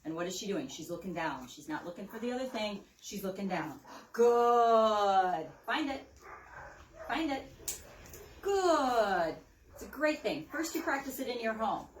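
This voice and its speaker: A woman dog trainer giving an upbeat hands-on demo, calling out sharp high praise to a dog as she works. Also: very animated, fast talker, hardly any pauses. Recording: roomy, mic at a distance.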